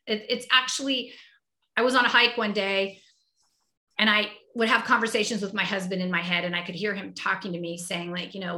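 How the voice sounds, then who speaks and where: Bright, heartfelt woman in an echoey room. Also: medium pitch, brisk. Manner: heartfelt, reflective, frequent restarts. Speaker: podcast guest. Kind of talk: emotional conversational interview.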